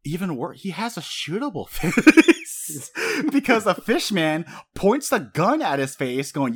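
A man's voice: a little high, unhurried, slightly rough. A young man hosting a casual recap chat who swears freely, laughs often, and gets fired up about the story. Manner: animated, profane, laughs often.

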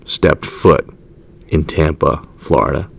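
A man hosting a casual comedy podcast, joking and animated with quick asides. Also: rumbling low, vocal fry, a little hiss or hum. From New Jersey. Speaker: podcast host.

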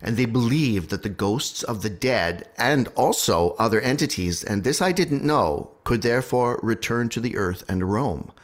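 A man hosting a podcast, chatting eagerly about history with a co-host. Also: mid-range voice. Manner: dramatic slow reading, then excited chatter. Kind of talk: casual podcast chat.

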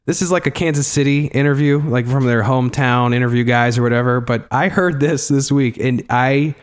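A man's voice: medium pitch, a little fast, clean tone. A man hosting a casual podcast, talking loosely and rambling, swearing freely. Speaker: podcast host.

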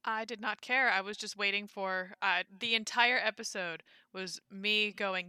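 A woman's voice: mid-range voice, steady tone, normal speed, few pauses, pushed and bright, clean tone, no room sound. A woman co-hosting a casual podcast chat, full of wry, sarcastic quips. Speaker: podcast co-host.

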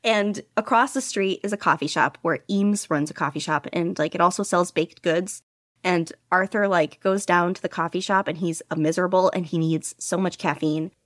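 A woman's voice: fairly low pitch, normal speed, dry recording, studio quality. Rambling, chatty young woman guest. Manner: rambling, enthusiastic, frequent "like" fillers and laughter. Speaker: guest podficcer. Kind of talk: casual interview chat.

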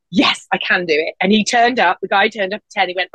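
Animated woman telling stories. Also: fast talker, hardly any pauses, dry recording. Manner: animated storyteller, acts out quotes in a high voice. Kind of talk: casual podcast chat. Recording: dull, dry lo-fi sound.

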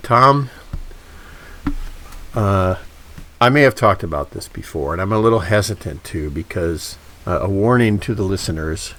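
A man's voice: deep voice, expressive, unhurried, pauses often, fairly bright tone, slight background noise. A man co-hosting a podcast, telling stories in a hesitant, self-deprecating way with many restarts. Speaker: podcast co-host. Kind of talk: casual chat.

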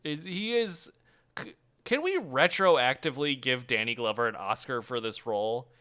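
Here is a man chatting through a movie with a co-host in a lively, laughing way. His voice is bright and clear, and his pitch swings widely. He sounds keen and animated. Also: normal speed. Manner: animated, laughs often, bursts into shouted impressions of movie lines. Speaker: podcast co-host. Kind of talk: casual movie review chat.

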